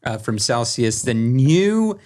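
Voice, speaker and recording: Male podcast host, casual, halting filler-heavy delivery. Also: mid-range voice, very animated, darkish tone. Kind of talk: casual chat with sponsor read.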